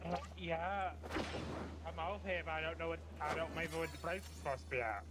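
A man's voice: a little high, fast, heavy background noise. A man playing a game alongside a friend, hesitant and rambling with lots of ums. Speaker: co-player. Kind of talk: casual gaming chat.

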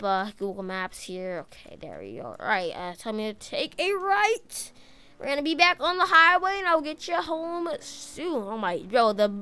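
A woman narrating her own driving role-play in a game in a chatty, excitable way, tossing out "bro" and "dude" as she talks. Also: high voice, clear, resonant tone. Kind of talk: casual in-character game role-play commentary.

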